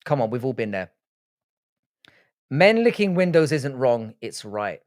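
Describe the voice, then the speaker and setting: A man's voice: medium pitch, big pitch swings, measured pace. A young man hosting a casual livestream, reading the chat aloud and rambling with crude jokes. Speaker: livestream host.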